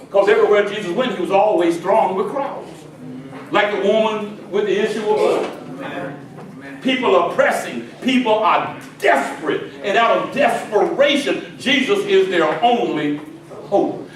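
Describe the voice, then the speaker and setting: A pastor preaching a sermon to his congregation, swinging between quiet asides and shouted climaxes. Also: high voice. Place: church sanctuary with congregation. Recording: very echoey church hall from far off with congregation. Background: congregation responding and laughing.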